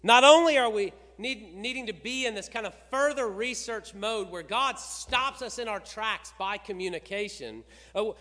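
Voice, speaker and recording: A man's voice: extremely high pitch, bright, forceful tone. A middle-aged man preaching a sermon, asking rhetorical questions and building to emphatic peaks. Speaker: pastor. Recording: reverberant hall.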